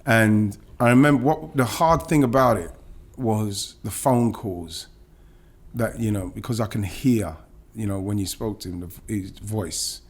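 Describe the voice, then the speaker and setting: A man's voice: on the low side, slightly rough. Middle-aged man telling a painful story. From England. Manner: animated, swearing, halting restarts when moved. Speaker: guest, former footballer. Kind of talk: emotional personal storytelling.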